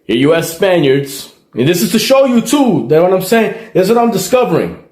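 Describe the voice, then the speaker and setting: Man from El Salvador, slightly high voice, emphatic lecturer, echoey room. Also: big pitch swings, a little fast, darkish tone. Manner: emphatic, lecturing, repeats points. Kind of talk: explainer commentary.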